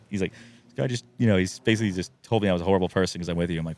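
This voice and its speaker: A man's voice: low-pitched, very fast, no room sound. A man in his thirties telling a long personal story on a podcast, acting out quotes and laughing often. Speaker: podcast guest. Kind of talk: casual storytelling. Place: podcast studio.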